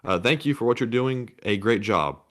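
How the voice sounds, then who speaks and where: A man's voice: on the low side, expressive, normal speed, fairly bright tone. A man co-hosting a casual livestream, reading supporter messages aloud in a laid-back way. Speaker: co-host reading donations.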